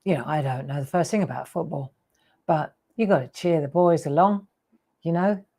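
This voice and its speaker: A woman's voice: low voice, moderate pace, mellow. A woman in her sixties hosting a live craft show, chatty and rambling with laughing asides. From England. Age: 60s. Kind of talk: live craft demo chat.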